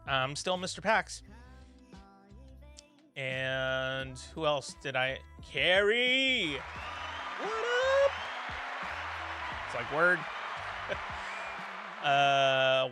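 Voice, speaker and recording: A man's voice: on the high side, unhurried, music in the background, crowd noise. A man hosting a study livestream, chatting casually with viewers, rambling and encouraging with plenty of fillers. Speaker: livestream host. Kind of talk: casual chat reading viewer comments.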